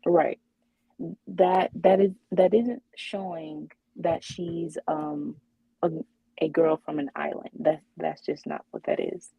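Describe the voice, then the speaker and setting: Low husky woman chatting slowly on a podcast, lots of ums, dry close sound. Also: steady tone, dry recording, dull audio. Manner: hesitant, many fillers and restarts. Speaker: podcast co-host. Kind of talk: casual chat.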